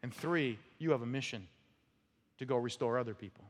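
A man's voice: mid-range voice, brisk. Emphatic male pastor in a reverberant hall. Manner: emphatic, rhetorical "right?" checks, dramatic drops in volume. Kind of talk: expository sermon. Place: church sanctuary.

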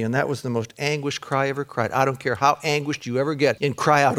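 A man preaching a sermon in a folksy way, peppering his talk with "man" and "folks", swinging between raised excited passages and hushed, intense ones. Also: mid-range voice, brisk. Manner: folksy, says "man" and "folks", repeats words. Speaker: pastor.

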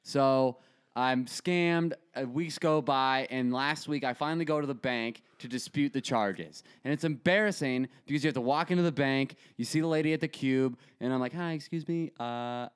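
Smooth-voiced young man telling stories. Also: mid-range voice, moderate pace. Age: 20s. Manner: animated storyteller acting out dialogue. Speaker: podcast co-host. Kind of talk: casual storytelling chat.

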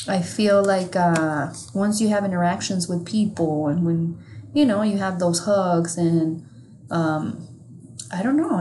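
A woman co-hosting a podcast, chatting casually in a candid, swear-laden way. Her voice sits at a middle pitch, and a faint background hiss runs under the recording. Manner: candid and profane, animated when amused. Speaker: podcast co-host. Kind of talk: casual chat.

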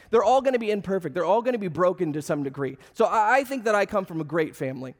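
A man's voice: high voice, expressive, fast, hardly any pauses, big-room sound. A young adult man, a pastor losing his voice, preaching a sermon at a church service in a casual, joking, conversational way.

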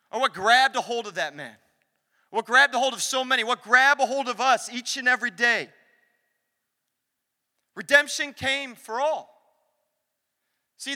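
A young man preaching a lively sermon in a church, acting out the voices he quotes. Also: very high voice. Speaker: pastor. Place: church sanctuary. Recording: long hall reverb.

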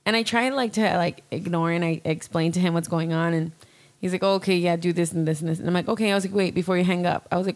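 A young woman talks casually with a slightly low voice. She tells her story in a rambling, candid way, full of fillers and restarts. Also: steady tone, fast talker. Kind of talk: casual chat.

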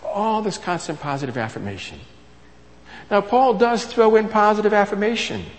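A man preaching a sermon, emphatic, repeating his key phrases and swinging between loud and soft. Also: sits high, lively intonation, normal speed. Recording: long reverb of a large hall.

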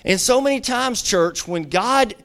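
A man's voice: high-pitched, lively intonation, measured pace, fairly bright tone. A middle-aged man preaching a sermon as a guest pastor, telling stories conversationally with lots of "you know" asides.

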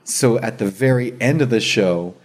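A man hosting a casual chat, telling a story with energy, swearing and acting out what others said. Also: mid-range voice. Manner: animated, slangy storyteller who swears and says dude and bro; acts out others' words in quick asides.

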